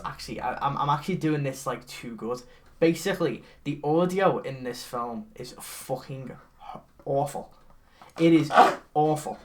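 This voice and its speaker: A man co-hosting a casual comedy podcast, animatedly recapping a bad movie with lots of swearing and quick character impressions. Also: medium pitch. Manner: animated, swearing, mimics characters mid-story. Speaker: podcast co-host.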